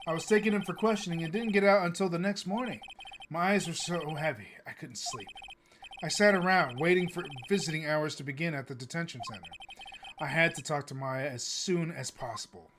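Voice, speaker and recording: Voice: medium pitch, brisk, background noise. A let's-play gamer narrating a courtroom game and adding joking asides between voiced lines. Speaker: let's play gamer reading the story aloud. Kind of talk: casual game dub and narration.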